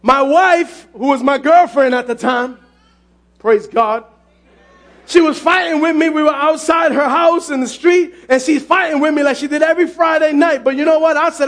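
A male pastor preaching a sermon, often shouting, telling his story with lively exclamations. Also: extremely high pitch, moderate pace. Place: church sanctuary.

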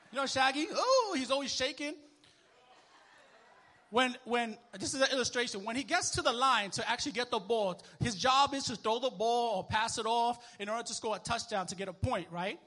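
A male minister preaches in an easy, conversational way, breaking into lively bursts as he works the room. His voice sits high and sounds bright and forceful. He keeps tossing questions back to his congregation. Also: normal speed. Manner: animated, conversational preaching with sports illustrations and call-and-response. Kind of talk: sermon. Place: church.

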